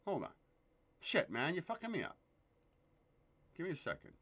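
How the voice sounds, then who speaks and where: A man's voice: on the high side, wildly swooping pitch, moderate pace, fairly bright tone. A man hosting a loose live show, joking, swearing and greeting viewers by name. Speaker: show host. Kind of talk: casual live-stream chat.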